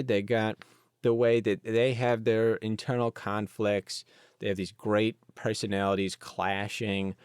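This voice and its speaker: A man's voice: medium pitch, no echo, clean studio sound. A man hosting a solo podcast in a casual, rambling way, wandering into asides. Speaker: podcast host.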